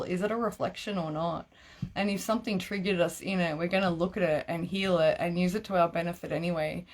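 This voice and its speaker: Chatty woman, low voice. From Australia. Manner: chatty, laughs often, many "like" fillers. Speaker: psychic reader. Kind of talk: live-streamed psychic readings.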